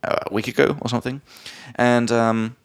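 A man's voice: medium pitch, little pitch movement, a little fast, clear, resonant tone. Man, podcast co-host, casual chat, rambling storyteller, lots of "like" and "um". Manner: chatty storyteller, many fillers, acts out quoted lines.

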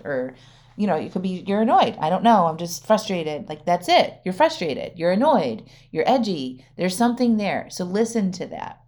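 A woman's voice: on the low side, a little mellow. A middle-aged woman hosting a solo podcast as a wellness coach, chatty, often checking in with "right?" and laughing. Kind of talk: casual solo podcast talk.

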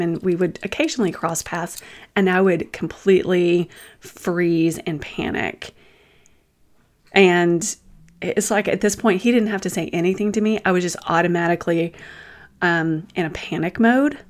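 A woman hosting her own show, sharing a personal story in a thoughtful, candid monologue. She pauses and restarts her sentences, with self-deprecating asides. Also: on the low side. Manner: thoughtful, unhurried, often pausing and restarting. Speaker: host sharing personal experiences.

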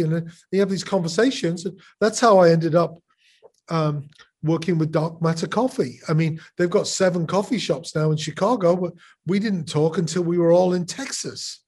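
This is a husky, slightly higher-pitched middle-aged man talking as a guest on a call. He muses out loud, stumbling over repeated words and restarting his thoughts in a loose, conversational way. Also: normal speed. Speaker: podcast guest, musician. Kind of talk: casual conversational interview.

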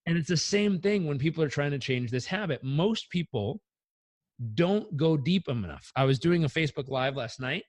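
A man on a podcast telling personal stories in an animated way, acting out the voices in them. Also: a little high, normal speed, no echo. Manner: animated, acts out quotes. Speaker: guest. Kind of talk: conversational storytelling.

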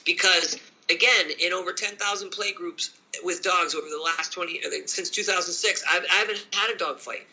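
A man's voice: a little fast, low-quality recording. A dog trainer, a man, talking casually and emphatically about dog training. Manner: animated, emphatic, switches into high voices for quoted people. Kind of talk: casual podcast chat.

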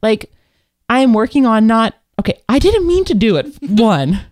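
Animated storytelling woman, dry close sound. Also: on the high side, moderate pace, no room sound. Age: adult with children. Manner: animated storyteller, candid and self-reflective. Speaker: podcast co-host. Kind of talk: casual chat.

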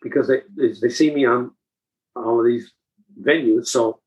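A man's voice: medium pitch, steady tone, moderate pace, darkish tone, lo-fi sound. A man in his seventies from Newfoundland, Canada, a guest in an interview, telling stories earnestly and often restarting his phrases. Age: 70s. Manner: earnest, repeats and restarts while recounting calls. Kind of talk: conversational storytelling.

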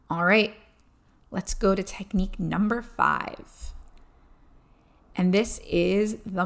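Woman in her 30s, podcast host, soft encouraging advice, bit of vocal fry. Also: medium pitch. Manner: gentle, encouraging, speaks to the listener directly.

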